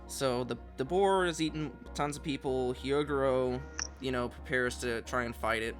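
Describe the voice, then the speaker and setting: A man's voice: mid-range voice, moderate pace, soft background music. A man co-hosting an anime podcast, talking in an easygoing, slightly hesitant way. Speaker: podcast co-host. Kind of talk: casual chat.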